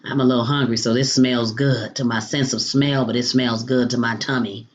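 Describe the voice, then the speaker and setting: A woman's voice: very deep voice, steady tone, moderate pace, highs cut off, a little hiss or hum. A woman hosting a home cooking demonstration, chatty and playful, calling viewers honey and baby. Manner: playful food exclamations. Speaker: cooking show host.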